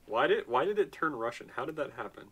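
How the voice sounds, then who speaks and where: A gaming channel host casually comments on his strategy game as he plays, nonchalant and chatty, talking to himself in a let's-play. He sounds tired and yawns, yet his slightly high, bright voice is animated and fast, with a breathy edge.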